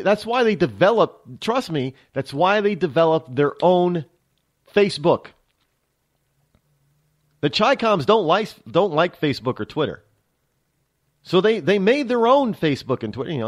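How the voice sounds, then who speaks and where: An American man hosting a talk radio show, delivering a rambling, emphatic political monologue full of restarts and asides. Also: on the high side. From United States.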